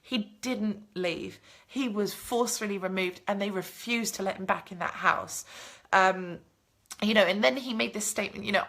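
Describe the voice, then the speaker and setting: A woman vlogger chatting casually and telling an animated story, swearing freely as she answers viewer comments. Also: mid-range voice, moderate pace. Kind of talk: casual chat, live stream.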